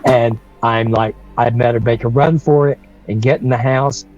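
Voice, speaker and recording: A man's voice: medium pitch, steady tone, moderate pace, a little mellow, dull audio, soft background music. A man, telling a story on a livestream in a rambling way, with restarts and chuckles. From North Carolina. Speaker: guest storyteller.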